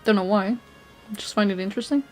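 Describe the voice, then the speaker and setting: Young female streamer from Portugal, chatty and easygoing, middle pitch, soft music behind. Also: steady tone, quick pace. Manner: chatty, answering chat, often laughing and trailing off. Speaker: live streamer. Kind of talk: casual chat while playing a video game.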